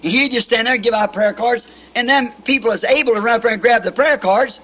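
A preacher with a Southern American accent spins a folksy sermon story, his voice pitched high and ringing bright. He leans on homespun phrases and keeps asking "See?" to his listeners. The sound is an old tape recording from the 1960s. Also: fast. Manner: folksy anecdotes with repeated "See?". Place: church meeting with congregation.

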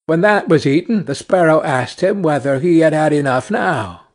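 Guy reading a fairy tale real slow and clear, kinda gravelly, slightly high voice. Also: lively intonation. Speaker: narrator. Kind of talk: slow storybook narration for English learners.

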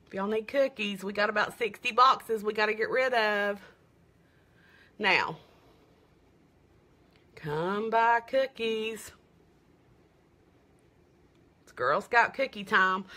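A woman's voice: mid-range voice, bright, forceful tone. A middle-aged woman, doing a chatty live makeup demo and sales stream, gushing and greeting viewers by name. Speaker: makeup seller.

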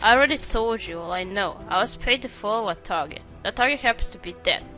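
A curt former soldier in a detective game answers questions defensively. A woman reads him aloud in her own voice. Her voice is bright and forceful, with faint music under it. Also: medium pitch, expressive, fast talker. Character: curt male ex-soldier suspect.

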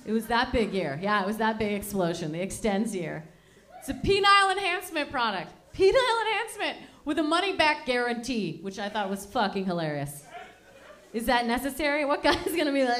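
A woman's voice: fairly high pitch, big pitch swings, a little fast, fairly bright tone. A woman hosting a stand-up comedy show on a club stage, talking in a chatty, profane, self-deprecating way.

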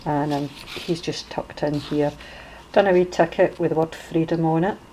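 A woman's voice: low-pitched, fairly even intonation, moderate pace, mellow, slight background noise, low-quality recording. A middle-aged Scottish woman with a Glasgow accent, chatting casually as she shows off a handmade journal, with lots of fillers and restarts. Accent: Glaswegian Scottish. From Scotland. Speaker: crafter showing a junk journal. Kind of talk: casual show-and-tell.

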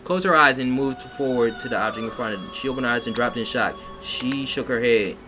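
A man's voice: medium pitch, brisk, poor audio. A man reading a fanfiction aloud on a live stream, mocking it and breaking off to comment and laugh. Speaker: fanfiction reader. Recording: music playing behind. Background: music.

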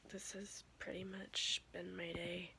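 A young woman whispers a late-night vlog, tired and unhurried, her words drawn out slowly. Her hushed voice turns gravelly and frayed at the edges. Steady background noise hisses under the recording. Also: fairly low pitch. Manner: hushed, rambling, trailing off with soft laughs. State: sleepy. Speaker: vlogger.

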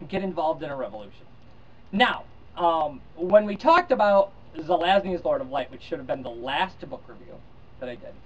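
A man's voice: a little high, recorded from a distance. A man talking casually about a science fiction novel, rambling with fillers and restarts. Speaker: book reviewer. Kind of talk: casual book review with read-aloud. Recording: dull lo-fi sound, slightly off-mic.

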